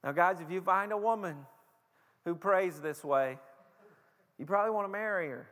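A man preaching a sermon as pastor, emphatic and halting, with repeated stammered starts and slowed, stressed phrases. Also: high voice, a bit bright. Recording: long hall reverb.

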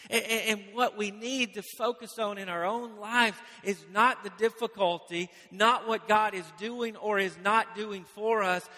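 A man preaching a sermon, building to emphatic repeated phrases and dropping to quiet moments. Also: sits high. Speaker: pastor. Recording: long reverb of a large hall.

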